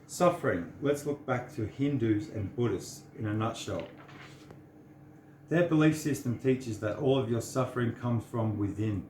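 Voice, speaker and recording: A man's voice: medium pitch, a little slow, warm tone, roomy sound, a little hiss or hum. An earnest, sincere man, giving a preachy personal monologue to the camera. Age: 30s. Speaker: vlogger.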